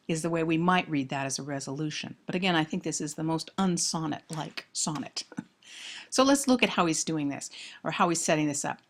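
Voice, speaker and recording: A woman giving a close-reading lecture on poetry, thoughtful and emphatic on key words. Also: low voice. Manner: thoughtful, emphatic on key words, reads verse aloud slowly.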